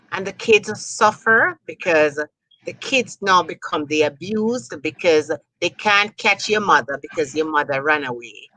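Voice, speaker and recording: A woman hosts an interview program, talking in long, rambling turns filled with "you know". Her voice sits low. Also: pushed and bright, no echo, low-quality recording. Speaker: host. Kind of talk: interview talk show.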